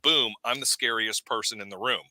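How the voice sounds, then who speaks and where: A man who is a podcast guest, chatting casually and telling lively anecdotes. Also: medium pitch, fairly quick, no echo. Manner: storytelling, animated anecdotes. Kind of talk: casual chat.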